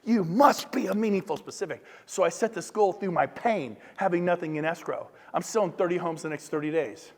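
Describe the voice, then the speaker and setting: A man giving a fired-up motivational talk to a live audience, punchy and shouting at his peaks. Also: high-pitched, brisk, hardly any pauses. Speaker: motivational speaker, real estate agent. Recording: long hall reverb.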